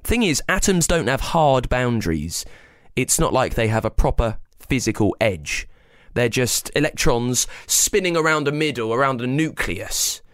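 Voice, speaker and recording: A man with a slightly gravelly voice explains science to children in a playful, chatty way, often asking the listener questions. His pitch swings up and down with lots of life. The recording is dry and close, with no room sound. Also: big pitch swings, unhurried, a bit bright, no echo. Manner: playful, talks straight to young listeners. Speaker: host of a children's science podcast.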